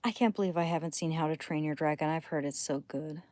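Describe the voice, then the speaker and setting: A woman chatting casually on a late-night livestream at home, rambling between thoughts and often dropping to a hushed near-whisper. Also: deep voice, fast, dry recording. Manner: rambling, drifting between thoughts while reading chat.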